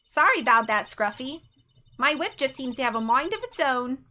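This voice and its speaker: A woman's voice: high voice, very animated, normal speed, sharp tone, heavily acted. A woman voicing a proud, haughty young female prosecutor with an imperious, clipped delivery, as a dramatic game reading. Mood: smug.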